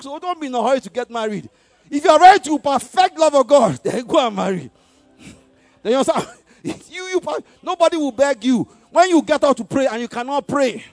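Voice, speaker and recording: Guy preaching, high voice that jumps all over, gets people to repeat after him, dry close sound. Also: no room sound. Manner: call-and-response preaching, has congregation repeat lines; swings between loud exhortation and quiet low asides, chuckles often. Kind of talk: sermon.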